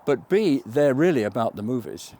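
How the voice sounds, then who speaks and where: A man's voice: mid-range voice, animated, moderate pace, dark tone. An older man from England, a film writer, talking thoughtfully in a documentary interview, wandering off on tangents and correcting himself. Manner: thoughtful, digressive, with self-corrections.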